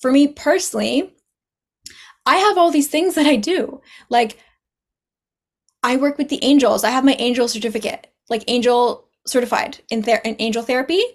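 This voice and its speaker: A woman's voice: fairly high pitch, moderate pace. A woman guest on a casual podcast, chatting, laughing often and acting out the things people said. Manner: chatty, laughs often, acts out quoted dialogue.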